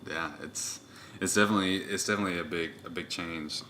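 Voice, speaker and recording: A man in his twenties hosting a podcast, telling stories in a loud, rowdy, casual way. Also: low voice, fairly even intonation, fast, slight background noise. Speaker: podcast host. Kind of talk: casual chat.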